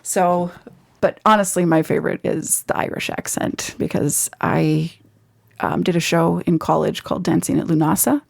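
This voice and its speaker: A woman guest, an actress, chatting in a casual interview in an animated, talkative way. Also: fairly low pitch, moderate pace, creaky. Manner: chatty, animated, laughs easily.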